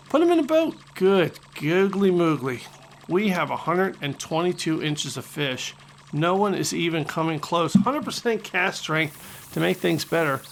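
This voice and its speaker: A man hosting a video game channel, commentating gameplay with excitable, joking trash talk, over guitar music. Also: high voice, gravelly. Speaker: gaming channel host.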